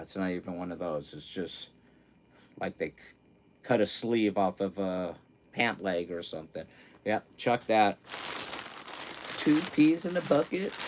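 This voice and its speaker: A man's voice: on the low side, slight background noise. A middle-aged man chatting casually on a livestream, rambling and joking at himself as he unpacks clothes and reads out chat messages. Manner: rambling, loose, self-mocking, reads chat aloud. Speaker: livestream host. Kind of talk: casual live-stream chat, unboxing clothes.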